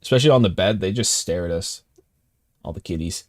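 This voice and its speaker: A male streamer reading a text game aloud and reacting live, jumping between calm narration and excited outbursts. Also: sits low, brisk, no echo, studio quality.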